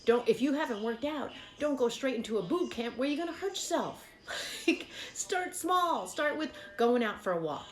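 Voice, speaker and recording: A woman's voice: high voice, animated, moderate pace, echoey room. A woman giving casual, encouraging fitness advice as a vlogger, chatty and full of fillers.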